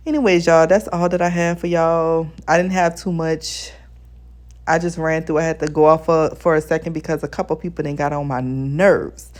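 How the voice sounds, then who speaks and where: A woman's voice: low-pitched, steady tone, moderate pace, a little mellow. A woman giving blunt, exasperated casual commentary as a TV show reviewer, talking straight to her viewers. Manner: addresses viewers as besties.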